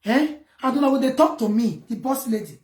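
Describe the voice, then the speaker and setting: Nigerian woman vlogger, high-pitched, scolds her audience in Pidgin, roomy sound. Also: lively intonation, brisk. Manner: loud, scolding, mixes Pidgin and local words. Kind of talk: ranting commentary to camera.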